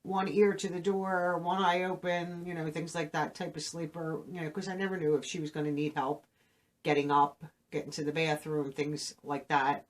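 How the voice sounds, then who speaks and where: A middle-aged woman, the host of her own channel, telling a personal story to camera in a halting, emotional way, full of fillers. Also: deep voice, level tone. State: emotional, saddened.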